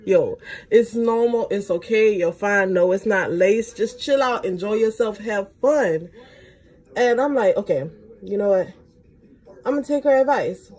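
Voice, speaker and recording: A young woman, a beauty vlogger, telling a casual story while doing her makeup, with slangy talk that jumps high in pitch when she gets excited. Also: a little slow.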